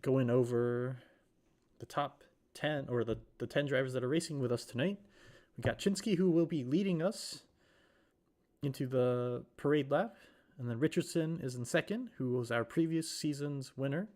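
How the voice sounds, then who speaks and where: A man on a live stream calls a sim race while still getting over a cold. He rambles casually, corrects himself often and fills his pauses with lots of "uh" and "um". His voice sits at an ordinary middle pitch. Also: a little mellow. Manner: rambling, self-correcting, with many fillers. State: recovering from a cold. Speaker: sim racing commentator.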